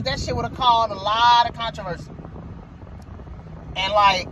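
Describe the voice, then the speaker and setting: A man's voice: very high-pitched, measured pace, long pauses, bright, forceful tone, a little hiss or hum, low-quality recording. A man who drives a motor coach bus tells a story in a casual vlog, heated and profane, and he repeats himself.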